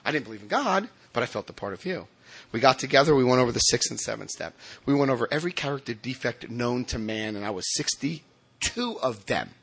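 Bright-voiced man telling his recovery story. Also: medium pitch, fairly quick, breathy edge. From New Jersey. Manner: animated, self-mocking storytelling with laughs and restarts. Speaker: recovering alcoholic speaker. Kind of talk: personal recovery story told to a meeting.

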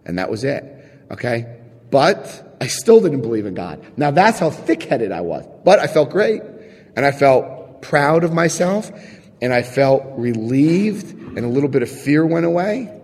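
A man sharing his recovery story with a live audience, telling it in an animated, chatty way, acting out scenes and checking in with his listeners. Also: mid-range voice, measured pace, husky, big-room sound. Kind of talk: personal testimony to a live audience.

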